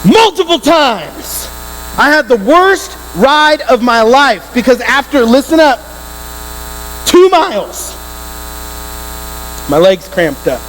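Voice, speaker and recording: Guy with a really high voice preaching to teens, super animated, big echoey church hall w a bit of hum. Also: slow, pauses often. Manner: animated, emphatic, addresses teens directly. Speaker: youth ministry speaker. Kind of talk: storytelling youth sermon. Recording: hall reverb with faint electrical hum.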